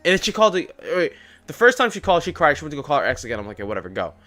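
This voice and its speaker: A man's voice: on the high side, very animated, very fast, sharp tone. A young man live-streaming his day trading, chatting casually in slangy, rambling talk that keeps coming back to "bro". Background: faint music playing.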